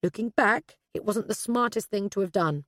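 A woman's voice: mid-range voice, normal speed, fairly bright tone, no echo, clean studio sound, voice pushed up, lightly acted. A woman voicing a tough young British woman caught in a shootout, talking bluntly and urgently. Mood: tense.

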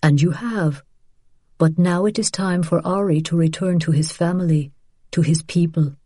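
A soft-spoken elderly rabbi delivers hard news with patience, in a low, mellow, measured voice, read by a woman narrator. The sound is dry and close, like an audiobook reading. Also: husky, dry recording. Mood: gentle grave. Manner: gentle and measured. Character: elderly male rabbi, gentle, grave and measured.

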